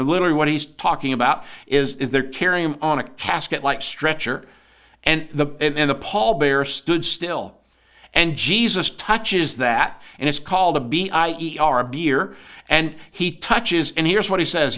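Male podcast preacher, earnest and emphatic, slightly higher voice, devotional sermon read. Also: expressive, moderate pace, bright, forceful tone. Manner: earnest, asks listeners rhetorical questions.

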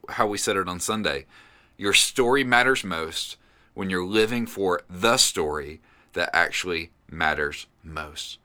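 A middle-aged man, a pastor hosting a podcast, delivering an earnest, encouraging devotional sermon with animated storytelling. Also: deep voice.

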